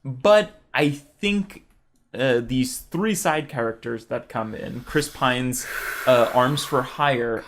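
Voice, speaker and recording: A man's voice: medium pitch, slow pace, a bit bright. A young man in a casual podcast chat, stammering through restarts and agreeing often. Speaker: podcast co-host.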